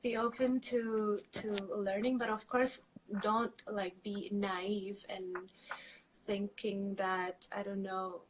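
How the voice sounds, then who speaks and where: A woman's voice: medium pitch, flat delivery, slow pace, a little hiss or hum, poor audio. A woman trauma coach talking casually as a podcast guest, chatty with frequent fillers and laughs.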